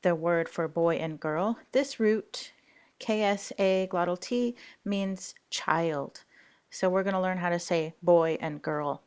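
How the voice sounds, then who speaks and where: A woman's voice: on the low side, slow pace, darkish tone, smooth. A woman language teacher explaining grammar rules in a recorded lesson, patient and explanatory with frequent fillers.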